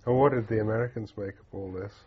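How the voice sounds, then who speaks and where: A man's voice: fairly low pitch, fast, highs cut off. A man interviewing a veteran, putting in short prompting questions. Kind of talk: oral history interview.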